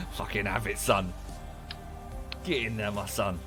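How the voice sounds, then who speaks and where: A man's voice: fairly low pitch, steady tone, a little slow. A man giving casual, dry, self-deprecating commentary while livestreaming a game, often muttering to himself. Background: game music.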